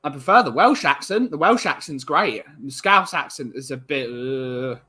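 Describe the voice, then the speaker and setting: A man's voice: medium pitch, expressive, moderate pace, bright, forceful tone, slightly rough. A man from England hosting a casual live-stream podcast, rambling chattily and greeting chat viewers by name.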